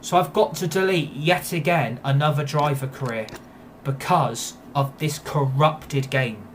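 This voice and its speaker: A man's voice: a little high, unhurried, a little hiss or hum. Fuming man ranting over a game. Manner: furious, repetitive, swearing. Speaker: gaming YouTuber. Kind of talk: angry gameplay rant.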